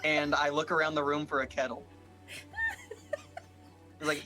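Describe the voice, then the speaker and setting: Man player, easygoing and joking, bright forward tone, a bit high. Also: flat delivery, normal speed, faint music behind. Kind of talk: tabletop game chat and role-play.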